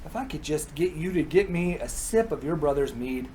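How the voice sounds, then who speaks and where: A man voicing a scheming male god who pleads in a slow, breathy, wheedling drawl. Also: fairly high pitch, lively intonation, mellow, a little hiss or hum, lightly acted, poor audio.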